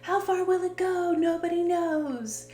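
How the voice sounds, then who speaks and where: A woman doing a wide-eyed little schoolkid full of sing-song wonder. The voice lifts high above the performer's own and floats airily. The room behind it is roomy and echoey. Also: measured pace, mellow. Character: excited young schoolkid watching a balloon.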